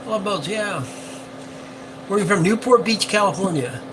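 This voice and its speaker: A man's voice: sits high, expressive, moderate pace. Older man rambling on a noisy boat stream. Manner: rambling, chatty, many fillers. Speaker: boat captain livestreamer. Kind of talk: casual live-stream chat. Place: on a yacht.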